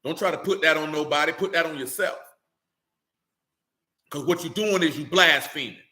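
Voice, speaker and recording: A man preaching a fiery, blunt sermon, scolding his listeners with rhetorical questions and rising to shouts. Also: on the high side, moderate pace, reverberant. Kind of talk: fiery street-style sermon.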